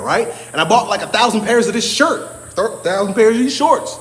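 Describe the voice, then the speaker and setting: A blunt, emphatic man talks casually about training with a fairly high voice. He keeps tossing in "right?" and swears without hesitation. His voice rings with a long echo over a faint background hiss. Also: animated, fairly quick. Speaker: strength coach. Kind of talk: casual motivational talk to camera.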